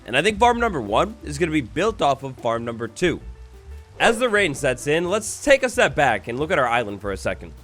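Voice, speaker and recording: A young man doing energetic, jokey commentary over his own game play, with bursts of mock drama. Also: fairly high pitch, brisk, faint music behind. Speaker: gaming YouTuber. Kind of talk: Minecraft let's-play commentary.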